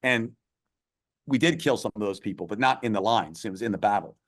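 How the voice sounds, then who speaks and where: A man's voice: lowish voice, expressive, a little fast, a bit bright. A middle-aged man, a podcast guest, telling a long story in an earnest, emphatic way. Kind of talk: storytelling interview.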